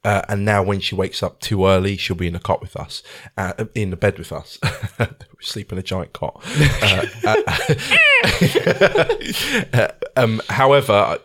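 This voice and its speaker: Blunt, low-voiced man teasing. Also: measured pace. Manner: blunt, profane, deadpan teasing. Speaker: podcast co-host, father. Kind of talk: casual chat.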